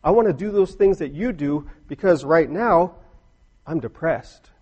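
Husky-voiced man preaching a sermon. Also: on the high side, animated, unhurried, dark tone, lo-fi sound. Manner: earnest, rising to emphatic bursts, storytelling asides.

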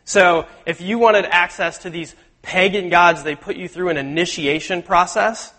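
A man preaching a sermon in a casual, animated way, acting out the lines he quotes. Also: sits high, normal speed. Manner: conversational, animated, acts out quotes. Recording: long hall reverb.

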